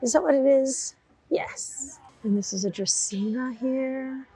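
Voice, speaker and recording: A woman with a slightly high, mellow voice who talks slowly and unhurriedly. She chats enthusiastically to her viewers while browsing plants at an indoor garden center, in a relaxed vlog style. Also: breathy edge, soft background music, rough recording. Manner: chatty and enthusiastic, addressing viewers as "guys". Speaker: gardening vlogger. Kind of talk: casual vlog narration while shopping.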